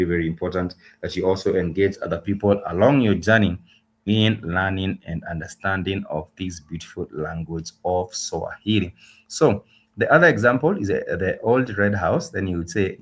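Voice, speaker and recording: Guy with a really low voice running a live language class, slow and patient, says uh a lot. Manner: patient, repetitive, many uh fillers. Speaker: Swahili teacher. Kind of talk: livestreamed language lesson.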